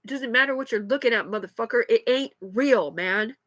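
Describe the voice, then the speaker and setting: A woman's voice: on the high side, brisk, a bit bright, dry recording. A woman, likely in her thirties, talking agitatedly and rambling with heavy swearing in an unscripted live stream on a phone. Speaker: livestreamer.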